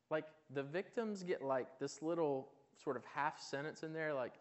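A man's voice: a little high, moderate pace, few pauses. Guy giving a sermon, talks casually, lots of questions to the crowd, keeps restarting words. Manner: conversational, asks the listeners rhetorical questions; often repeats and restarts words. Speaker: pastor.

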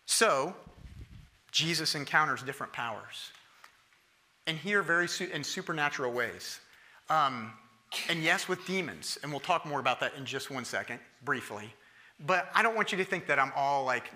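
High, bright-voiced male preacher. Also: moderate pace. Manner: conversational and lively, acting out quoted voices. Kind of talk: sermon.

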